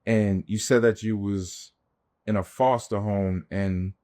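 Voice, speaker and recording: A man hosting a podcast, asking reflective questions in a measured, supportive way and drawing on faith sayings. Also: fairly low pitch, steady tone, dark tone. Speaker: podcast host. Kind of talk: interview questions with faith references.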